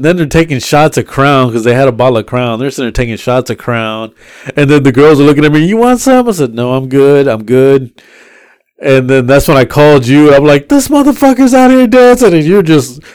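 A man's voice: mid-range voice, darkish tone, clear, resonant tone, no room sound, studio quality. A man hosting a podcast who tells a long story in casual, profane chat and acts out the lines of the people in it. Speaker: podcast host.

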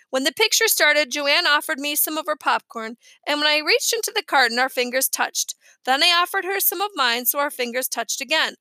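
Woman narrator for a kids' book, expressive, bright high voice. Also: no echo. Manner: lively expressive storytelling. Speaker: reader. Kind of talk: audiobook narration.

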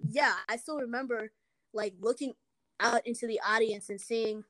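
Young woman, slightly high voice, casual storyteller who swears freely and leans on fillers. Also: steady tone, moderate pace, crowd noise. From Minnesota. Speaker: guest telling a story. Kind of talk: casual chat.

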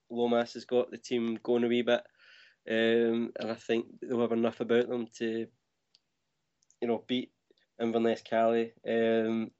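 A man co-hosting a casual podcast chat, measured and hesitant. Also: mid-range voice, darkish tone, clean tone, dull audio. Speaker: co-host.

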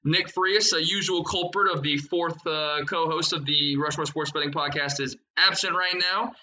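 A young man hosting a sports betting podcast, rattling off picks and odds in a fast, excited way. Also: on the high side, rough recording. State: out of breath. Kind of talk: energetic podcast chat.

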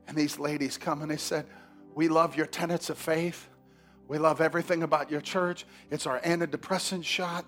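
Pastor guy preaching, high gravelly voice, goes quiet then yells, bit of music under it. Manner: animated storytelling, swinging from hushed to shouting. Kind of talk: sermon. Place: church sanctuary.

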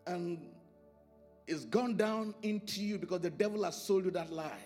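A man preaching a sermon in a high, bright voice that rises into sing-song emphasis and drops to quiet, low lines. He leans on repeated phrases. Faint music plays softly behind him. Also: animated, moderate pace. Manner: preaching with sudden swings in pitch and volume, sing-song emphasis. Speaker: pastor.

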